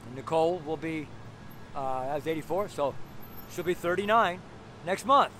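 A man's voice: fairly high pitch, moderate pace, bright, forceful tone, slight background noise. An older man preaching a fervent street sermon outdoors by busy roads, exhorting and repeating his points. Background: passing cars.

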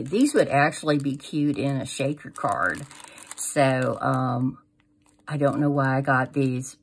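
Her voice sits low, and the recording carries a little hiss or hum. She's a middle-aged crafting vlogger doing a relaxed product haul, gushing about every piece and drifting off into fillers.

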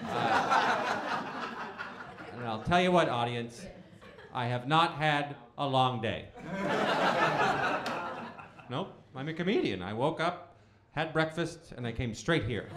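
A man's voice: medium pitch, very animated, slow, pauses often, very noisy. A man in his thirties doing a stand-up comedy set in a bowling alley venue, telling stories animatedly and acting out the dialogue in shifting voices. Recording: roomy live venue with crowd laughter.

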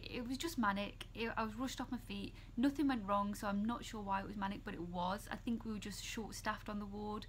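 A woman's voice: mid-range voice, a bit bright, a little hiss or hum. A young woman in her twenties, a student nurse chatting casually and upbeat to her vlog audience. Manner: chatty and upbeat, with quick run-on sentences. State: tearful with happy excitement.

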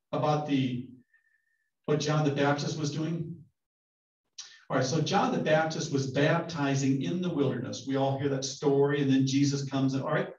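A male pastor teaches a Bible study in an easygoing, joking way and often checks in with the group. His voice sits somewhat high. It sounds distant, with a roomy echo and a dull tone. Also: darkish tone. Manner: casual, joking, asks the group questions.

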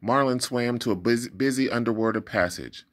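A man narrating a children's storybook aloud with expressive, dramatic delivery. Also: medium pitch, a little fast. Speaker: storybook reader.

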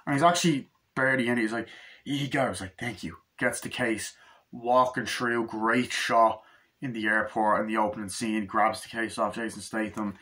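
A man's voice: on the low side, steady tone, moderate pace, pushed and bright. A man casually reviewing a film, rambling and swearing freely. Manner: rambling, profane, acts out scenes in quoted voices. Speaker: movie reviewer.

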